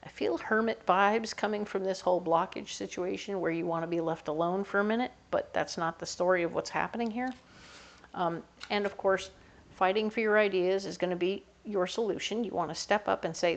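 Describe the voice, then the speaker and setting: A woman talks through a tarot spread in a loose, chatty manner, as if she were chatting with a friend. Her voice sits at an ordinary middle pitch, and now and then she drops into small playful voices for the people in the reading. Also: a little fast, vocal fry. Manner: chatty, acts out little quoted voices. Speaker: tarot reader.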